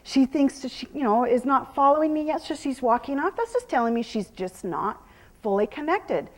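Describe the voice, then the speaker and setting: A middle-aged woman with a somewhat high voice, teaching a live horse-training clinic. She explains each step calmly and patiently, then turns to murmur soft praise to the horse. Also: normal speed, in a large hall. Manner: calm teaching voice, breaking into soft praise and hushed whispers to the horse. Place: horse arena during a clinic.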